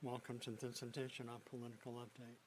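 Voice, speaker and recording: A man anchoring a local TV news broadcast from a studio desk, often restarting his sentences and filling pauses with "uh". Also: medium pitch, flat delivery, a little hiss or hum, poor audio. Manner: halting, frequent fillers and restarts. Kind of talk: news broadcast with unscripted asides.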